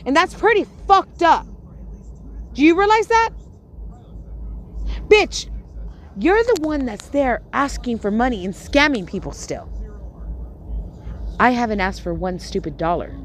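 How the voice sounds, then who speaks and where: A woman's voice: on the high side, sing-song, a little slow, long pauses, slight background noise. A woman hosting a livestream, ranting in a profane, confrontational and scolding way. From Puerto Rico. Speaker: livestream host. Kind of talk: angry livestream rant.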